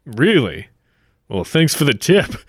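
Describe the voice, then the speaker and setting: A man's voice: a little high, sing-song, unhurried, a bit bright, breathy edge, no echo, clean studio sound, heavily acted. A man playing a friendly, bumbling grail hunter in a 1940s-style radio play, easygoing and a little stammering.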